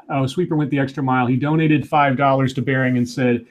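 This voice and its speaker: A man's voice: medium pitch, steady tone, muffled recording. A man co-hosting a casual livestream, reading out donations and stammering often. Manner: stammering, quick to laugh.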